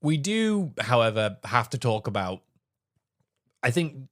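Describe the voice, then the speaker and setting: Profane, excited man. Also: medium pitch, a little slow. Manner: enthusiastic, laughing, profane. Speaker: podcast co-host. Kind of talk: casual chat.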